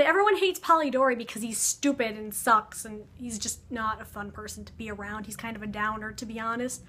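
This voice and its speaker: A woman's voice: a little high, pushed and bright. A young woman vlogging, telling a story in a rambling, sarcastic way full of fillers, talking to the camera. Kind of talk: casual storytelling vlog.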